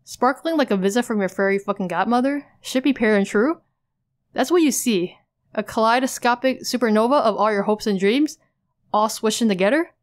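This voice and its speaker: A brash teenage boy from a webcomic spins crude, rambling boasts in a chat log. A woman reads him aloud in a flat, plain delivery, with little change from her own voice. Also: on the high side, brisk, natural voice. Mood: boastful. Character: cocky teen boy rapping in chat.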